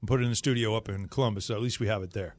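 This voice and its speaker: A man hosting a sports talk radio show, chatting casually in a lively, joking way. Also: lowish voice, rapid-fire, a little hiss or hum. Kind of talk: casual chat.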